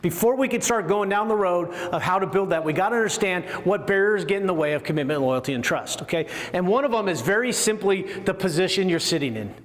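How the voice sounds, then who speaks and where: A man's voice: high-pitched, animated, fast, hardly any pauses. A middle-aged man, a former Air Force group commander, giving a conversational leadership lecture and asking the audience questions. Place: room with a seated audience. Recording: long hall reverb.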